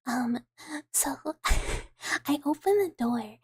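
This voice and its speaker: A woman's voice: on the high side, measured pace, mellow, slightly rough. A woman streaming ASMR, talking in a whispered role-play in a rambling way with many fillers, close to the mic.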